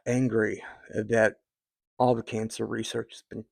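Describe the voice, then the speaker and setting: A man's voice: on the low side, level tone, slow pace, creaky, no room sound. A man in his fifties talking to his viewers in a rambling, heartfelt way, with many fillers and restarts. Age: 50s. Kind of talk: casual personal talk to viewers.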